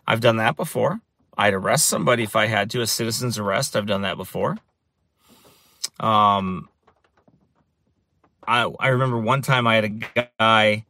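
On the low side with a sharp tone and no echo, this man's voice carries a casual storytelling monologue. He's a street preacher who keeps repeating and restarting phrases for emphasis.

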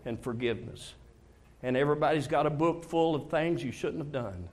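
A man's voice: fairly high pitch, fairly quick, slight background noise. An older man preaches in a plain, folksy way. He tells stories from his own life and voices both sides of his talks with God. His delivery is heartfelt and personal. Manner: storytelling, acts out dialogues with God, emotional confessions. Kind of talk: folksy conversational sermon.

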